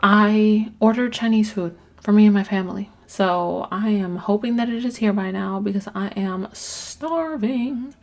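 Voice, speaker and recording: A woman's voice: medium pitch, measured pace, few pauses. A woman hosting her own podcast, talking candidly in a rambling personal monologue, swearing casually and trailing off mid-thought. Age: adult with children. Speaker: podcast host.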